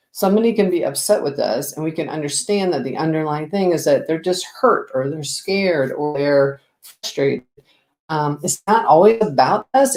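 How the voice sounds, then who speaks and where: A woman business coach giving an expressive, lively talk to the camera, asking the viewer direct questions. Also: deep voice, reverberant.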